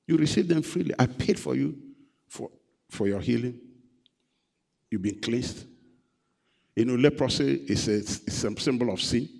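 A man's voice: mid-range voice, a little slow, vocal fry, long pauses, darkish tone. A male pastor preaching a sermon. He repeats phrases and prompts the congregation to call out answers. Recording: long hall reverb.

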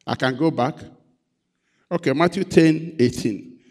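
A man's voice: fairly high pitch, measured pace, a little mellow. A male pastor preaching a sermon. He repeats phrases and prompts the congregation to call out answers. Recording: long hall reverb.

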